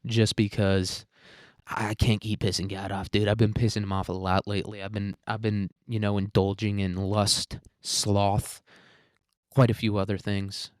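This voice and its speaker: A man's voice: fairly low pitch, level tone, normal speed, no room sound, clean studio sound. Rambling self-mocking young man podcaster. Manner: rambling, self-deprecating, crude humor. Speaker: podcast host. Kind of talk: solo podcast monologue.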